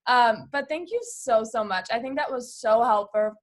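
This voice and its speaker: A woman's voice: fairly high pitch, normal speed. A woman hosting a team video call, gushing and effusive, with "like" in nearly every phrase. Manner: gushing, heavy use of "like". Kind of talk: casual video call chat.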